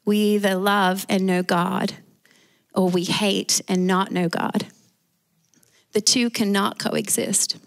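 A woman's voice: mid-range voice, level tone, slow, vocal fry, long pauses. A woman with an Australian accent preaching a sermon as pastor, calling out for amens from the congregation. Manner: preaching with call-and-response amens.

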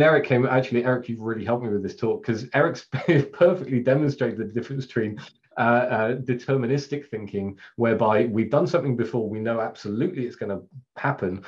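In a mid-range, darkish voice, a middle-aged English Scrum trainer with an English accent gives a relaxed, chatty talk over a video call. He laughs a lot, makes self-deprecating remarks and uses plenty of fillers, and the webcast audio sounds lo-fi and slightly dull.

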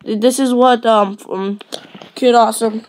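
A woman's voice: on the high side, fairly even intonation, measured pace, darkish tone, a little hiss or hum. A woman chatting and rambling playfully while playing a building game. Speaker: let's play host. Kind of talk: casual gameplay chat.

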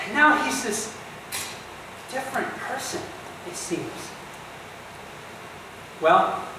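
Heard from a distance in an echoey church hall, a male pastor with a high voice delivers his sermon over a faint hiss or hum. His retelling is animated and conversational, and he acts out the people in the story through asides.

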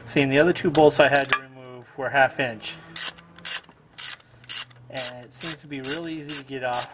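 A man talks through a do-it-yourself car repair in his home garage, chatting to viewers and poking fun at himself as he works. His voice sits in an ordinary middle pitch. A faint hiss of background noise runs under the camera-mic sound, and he drifts closer to and farther from the mic as he moves around. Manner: chatty, self-deprecating, talks to viewers while working. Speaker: homesteading channel host. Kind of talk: casual DIY repair tutorial.

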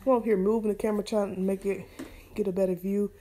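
A young mother talks her viewers through breakfast in her home kitchen. Her delivery is relaxed and chatty, with plenty of pauses and fillers as she cooks. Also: medium pitch, a little hiss or hum. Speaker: vlogger and mother. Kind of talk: casual cooking vlog chat.

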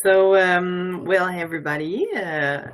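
Casting: low-pitched woman, Quebec French accent, hesitant non-native English, union talk on a video call. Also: steady tone, a little slow. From Quebec, Canada. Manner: hesitant, many fillers and restarts, non-native phrasing. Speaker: childcare educator and union representative. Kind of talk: symposium presentation. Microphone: video call mic.

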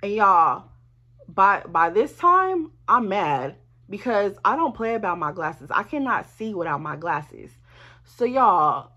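A woman telling a storytime to her viewers in a lively, profane, chatty way, speaking straight to them. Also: medium pitch, takes it slowly. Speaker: vlogger. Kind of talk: casual storytime.

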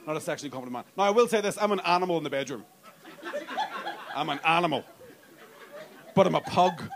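A man's voice: a little high, fast, gravelly, crowd noise, background noise. A young man doing a profane, self-mocking stand-up set in a comedy club, acting out voices. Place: comedy club with live audience.

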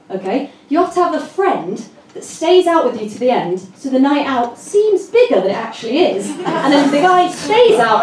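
A British woman performing a stand-up comedy set, telling stories in an animated way and bursting into shouted voices. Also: high-pitched. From Britain. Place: comedy club with a loud audience. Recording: echoey club from far off, loud crowd.

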